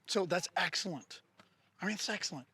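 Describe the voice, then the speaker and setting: A man's voice: high-pitched, a little fast, pushed and bright, breathy edge. A man working as a firearms instructor, explaining drills to his class with jokes and then barking short range commands. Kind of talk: live training-class instruction.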